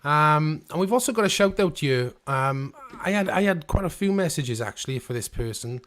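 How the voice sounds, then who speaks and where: Relaxed British man reading shout-outs. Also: a little high, moderate pace. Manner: relaxed, hesitant, lots of ums. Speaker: podcast co-host. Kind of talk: casual chat.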